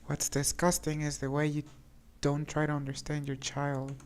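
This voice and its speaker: Low-voiced woman streaming a game. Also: completely flat delivery, normal speed, a little mellow, slight background noise. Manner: chatty, hesitant, many restarts. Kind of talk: casual gameplay commentary.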